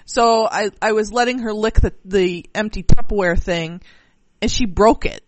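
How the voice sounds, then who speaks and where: A woman's voice: mid-range voice, moderate pace, dry recording. A woman co-hosting a podcast, telling a rambling story with many fillers and restarts. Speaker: podcast co-host. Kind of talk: casual chat.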